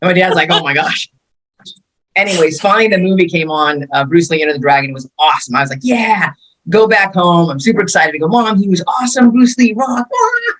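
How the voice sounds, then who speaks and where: Animated woman in her fifties telling stories. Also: deep voice, fast, low-quality recording. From California. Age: 50s. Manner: animated storyteller acting out quotes. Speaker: martial arts instructor and guest. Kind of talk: casual storytelling interview.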